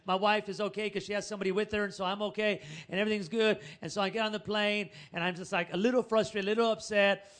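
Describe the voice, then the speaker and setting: Male pastor, high voice, chatty storyteller, animated, calls out to the congregation. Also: fast talker. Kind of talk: storytelling sermon.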